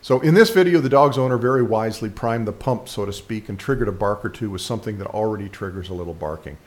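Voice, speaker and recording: A man's voice: on the low side, fast. A man speaking as a dog trainer, giving casual instructional commentary with frequent fillers and restarts.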